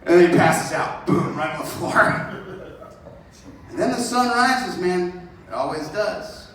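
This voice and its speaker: A man in his thirties doing solo stand-up storytelling in a theater, profane, rambling and animated. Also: high voice, slow pace, slight background noise. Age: 30s. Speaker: comedian. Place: theater stage. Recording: echoey theater from a distance.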